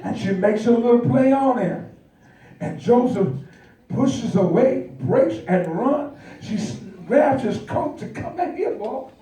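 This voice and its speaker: A male pastor preaching a lively storytelling sermon, calling out to his congregation. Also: very high-pitched, slow pace. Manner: animated storytelling, calls out to the congregation. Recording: echoey church hall, mic far off.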